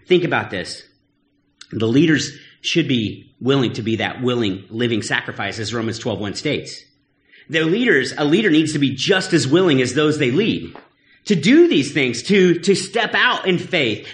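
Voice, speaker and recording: A man preaching a sermon in a conversational, earnest way, with teasing asides. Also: a little high. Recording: echoey room.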